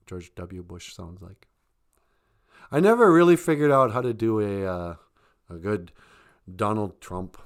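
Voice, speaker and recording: A man's voice: mid-range voice, sing-song, unhurried, clear, resonant tone. A man hosting a casual livestream, joking and laughing often. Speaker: livestream host and comic author.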